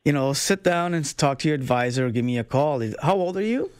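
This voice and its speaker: A man's voice: on the high side, expressive, fast, smooth, no echo, clean studio sound. A middle-aged man giving financial advice on call-in radio, casual and hedging, often ending with "right?". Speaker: financial advisor guest. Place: radio studio.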